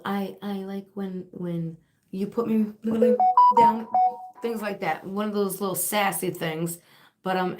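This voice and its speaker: A spiritual reader and shop owner hosts a casual livestream, rambling along with lots of fillers and laughs. Her fairly low voice sounds sore and dry-throated.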